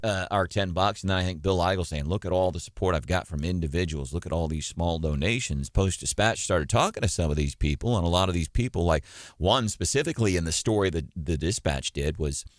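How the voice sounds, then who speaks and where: A man's voice: deep voice, a little fast, no echo, clean studio sound. A man hosting a morning radio talk show, chatting casually and telling stories with lots of filler words.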